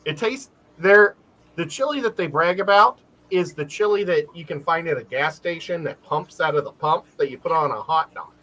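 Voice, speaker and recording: A man co-hosting a casual live stream, telling stories in an animated way and laughing often. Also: fairly high pitch, moderate pace, low-quality recording. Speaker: livestream co-host.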